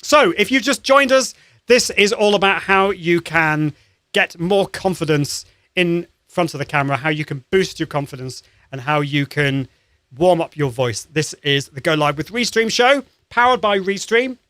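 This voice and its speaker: Host type: upbeat male voice coach, slightly higher pitch, dry close sound. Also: animated, moderate pace, a bit bright, dry recording. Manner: upbeat and encouraging, demonstrates sounds; conversational with frequent restarts. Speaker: live-stream show host, voice coach. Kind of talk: live-streamed voice warm-up lesson.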